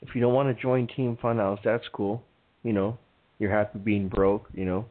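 A man's voice: lowish voice, fairly even intonation, normal speed. A man hosting a comedy podcast, rambling and joking with plenty of swearing. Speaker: podcast host. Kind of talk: casual comedic rant. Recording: phone-like lo-fi with faint music.

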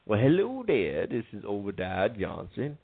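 A man playing a folksy sauce pitchman. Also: huge pitch swings, normal speed, vocal fry, breathy edge, heavily acted. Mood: pitching. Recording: phone-like lo-fi with faint music.

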